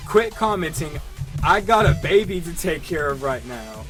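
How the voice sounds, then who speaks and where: A man's voice: a little high, big pitch swings, moderate pace, over music. Young man reading comments mockingly. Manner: reads out comments in a mocking voice, many fillers. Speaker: podcast co-host. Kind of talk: casual chat.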